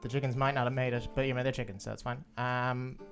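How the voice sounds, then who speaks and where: A man's voice: mid-range voice, level tone, fast, gravelly, a bit bright, faint music behind. A man playing in a tabletop game, giving a rambling, self-amused recap of the last session. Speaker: player.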